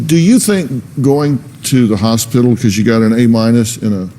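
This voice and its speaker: A man's voice: mid-range voice, unhurried, gravelly, dark tone, a little hiss or hum. A man hosting a talk show on a studio stage, questioning a guest in a blunt, probing, sarcastic way.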